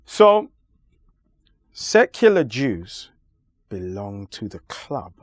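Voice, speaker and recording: A man speaking as an interview guest, forceful and lecturing. He stretches key words and pauses to stress them. His pitch swings widely and the sound is dry and close. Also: big pitch swings, no room sound. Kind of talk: emphatic conversational argument.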